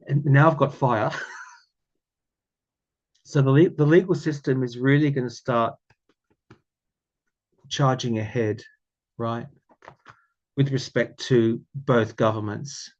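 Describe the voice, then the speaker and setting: A man's voice: mid-range voice, fairly even intonation, takes it slowly, long pauses. Aussie guy doing a tarot reading, kinda rambly, repeats himself a lot, mid voice, bit muffled audio. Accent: Australian. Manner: musing, repeats phrases, frequent ums and soft laughs. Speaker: tarot reader. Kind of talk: casual tarot reading to camera.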